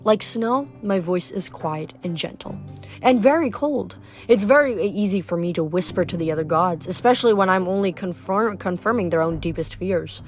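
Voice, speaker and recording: A woman reading a book aloud, voicing a cold, scheming female snow goddess in an unhurried, purring way. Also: mid-range voice, faint music behind, lightly acted. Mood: silky, scheming. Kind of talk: read-aloud book narration.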